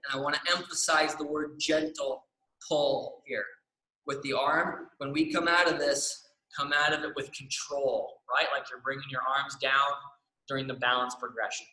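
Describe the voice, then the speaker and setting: Guy running a stretch class, slightly high voice, keeps asking all right?, roomy echo. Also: bright, forceful tone. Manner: encouraging, counts down and checks in with "all right?". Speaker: exercise class instructor. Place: dance studio room, indoors. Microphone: camera in the room, turning away at times. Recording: echoey room.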